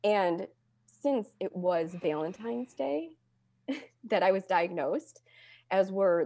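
Young woman, lowish voice, dry close sound, chatty storyteller with deadpan humor. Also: dry recording. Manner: deadpan humor, acts out quotes with lively pitch jumps. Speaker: guest telling her story. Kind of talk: casual conversational storytelling.

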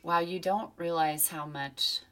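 A woman co-hosting a casual chat, telling a reflective personal story in an animated way and acting out the people in it. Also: on the low side, a little slow. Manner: animated storyteller, reflective, acts out quoted voices. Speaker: podcast co-host.

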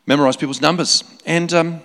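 A male preacher tells a story from the pulpit, his voice slightly high and gravelly with fry. He restarts his sentences often and breaks into laughing asides. The sound rings with the long reverb of a large hall. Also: steady tone, a little fast, fairly bright tone. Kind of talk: sermon storytelling.

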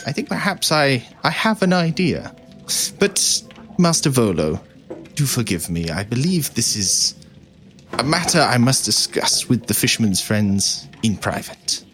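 A man's voice: medium pitch, sing-song, fairly bright tone. A man doing a stiff, formal racing owner. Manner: halting, formal. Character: male dinosaur-racing owner, guarded and proud.

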